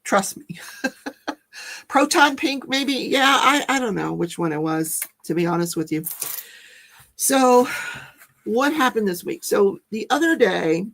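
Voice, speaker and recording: A woman's voice: a little high, lively intonation, a little slow, long pauses, a bit bright. An older woman, a grandmother, chatting casually as host of a livestream, rambling and correcting herself as she tells a story.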